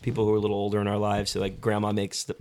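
A man talks films on a casual podcast, letting his thoughts wander as he goes. His voice sits a little low. The talk is loose and unscripted. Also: completely flat delivery, rapid-fire, darkish tone, slight background noise. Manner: rambling, thinking aloud. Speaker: podcast co-host. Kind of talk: casual movie discussion.

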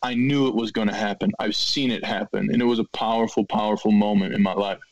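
A man in his thirties, a retired football player, telling stories as a podcast guest and acting out quotes loudly. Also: on the low side, fast talker, no echo, highs cut off. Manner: animated storyteller, acts out quotes loudly. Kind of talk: storytelling in a podcast interview.

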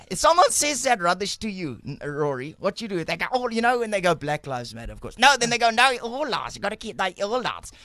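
A man's voice: high voice, pushed and bright, dry recording, full character voice. A man voicing a cheeky male ventriloquist puppet, cracking jokes in a radio interview and laughing at his own lines. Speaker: comedian guest. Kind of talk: comedic radio interview banter.

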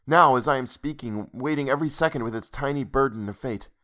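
A man's voice: medium pitch, fast talker, sharp tone, voice pushed up, lightly acted. A man reading the part of a weary, haunted man who speaks eagerly and pleadingly to a woman in a ghost story.

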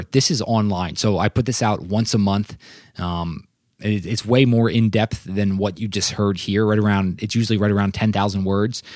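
On his solo podcast, a young man's voice is on the low side and a little mellow as he talks earnestly, repeatedly asking "right?" and leaning on "like." The recording is dry, with clean studio sound.

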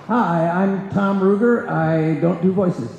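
A man's voice: high-pitched, takes it slowly, gravelly, highs cut off. A man who makes cartoons, introducing himself hesitantly with many fillers. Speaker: cartoon creator, panelist. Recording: echoey hall with crowd noise.

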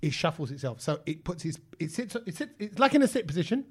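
Fast-talking man telling a story. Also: a little high, slightly rough. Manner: animated, acts out quotes, says "bruv" often. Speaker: podcast co-host. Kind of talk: casual chat, storytelling.

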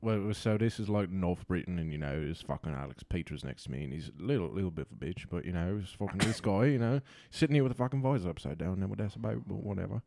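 A low, gravelly man trading dry, sarcastic quips in a casual chat, his voice rising and falling widely. The recording carries clear noise behind him. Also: animated, quick pace, hardly any pauses, warm tone.

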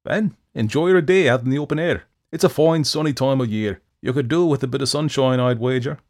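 A man reading a story, voicing a crafty, boastful drunkard in a raised, loud voice. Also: medium pitch, expressive, normal speed, creaky, pitched above the performer's own voice. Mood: cocky. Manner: brash and loud.

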